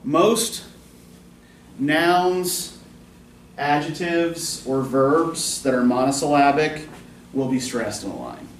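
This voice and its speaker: A man's voice: on the high side, takes it slowly, pauses often. A man teaching a college poetry class, explaining patiently and often asking the students questions. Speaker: college English instructor. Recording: roomy classroom from a distance with faint noise.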